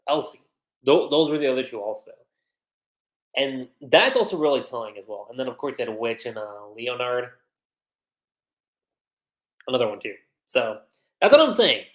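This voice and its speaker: A man hosting a livestream and casually recapping an anime episode in a chatty way, using lots of fillers. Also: mid-range voice. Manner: chatty, many fillers, quotes characters. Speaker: anime reviewer, livestream host. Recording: roomy echoey room.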